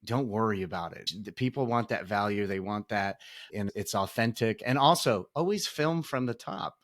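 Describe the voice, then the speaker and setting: A man's voice: fairly low pitch, normal speed, fairly bright tone. A man hosting a casual podcast interview, upbeat, laughing often and restarting his sentences. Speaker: podcast host.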